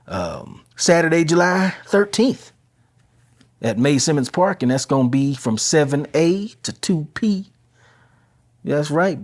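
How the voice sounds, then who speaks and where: A man's voice: medium pitch, darkish tone. A man hosting a podcast from home, chatting casually and straight to his listeners as he runs through local announcements. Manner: laid-back, chatty, talks straight to listeners. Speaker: podcast host.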